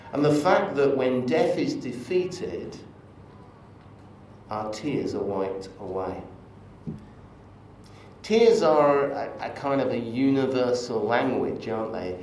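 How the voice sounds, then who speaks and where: Slow-speaking preacher in an echoey church. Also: male voice, medium pitch, a little mellow, far from the mic, slight background noise. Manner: conversational, storytelling with asides. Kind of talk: sermon.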